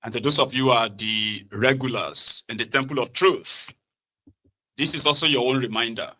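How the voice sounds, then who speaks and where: Bright-voiced man hosting a livestream. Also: mid-range voice, moderate pace, rough recording. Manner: chatty, sardonic, asks viewers to check things. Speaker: host of online political broadcast. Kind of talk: casual political commentary.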